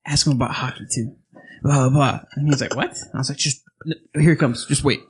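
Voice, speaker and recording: A man's voice: mid-range voice, steady tone, brisk, husky. A man hosting a podcast, joking and wisecracking in casual chat.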